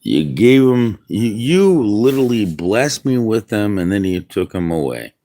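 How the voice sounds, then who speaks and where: A man's voice: fairly low pitch, sing-song, measured pace, dark tone. A man streaming outdoors in the wind, musing aloud in rambling casual chat with viewers. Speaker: livestreamer.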